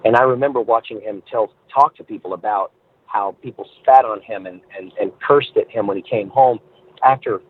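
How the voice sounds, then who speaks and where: A man being interviewed as a guest, telling stories with animated, acted-out voices, heard over a phone line. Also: on the low side, normal speed, slightly rough. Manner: animated storyteller who acts out voices. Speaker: guest entertainer. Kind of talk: podcast interview, storytelling.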